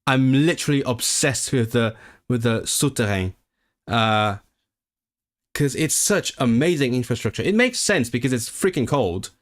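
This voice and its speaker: A man in his late twenties from Hong Kong, hosting a livestream and chatting casually and excitably with viewers, often restarting his sentences. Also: medium pitch, normal speed, dry recording, studio quality. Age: late 20s. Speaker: livestream host. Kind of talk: casual chat with stream viewers.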